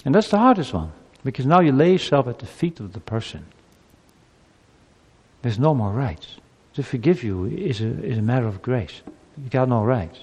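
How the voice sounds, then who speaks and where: A male preacher delivers a sermon with lively, swooping intonation. He keeps acting out short exchanges between people. His voice carries a long reverb, as if from a large hall. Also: mid-range voice, husky. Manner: animated, acts out quoted speech. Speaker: pastor.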